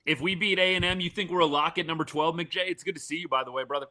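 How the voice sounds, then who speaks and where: A man's voice: a little high, fast talker, few pauses. A man hosting a live reaction stream for a college football game, talking casually and animatedly, with frequent restarts. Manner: animated, fan-partisan commentary with frequent restarts.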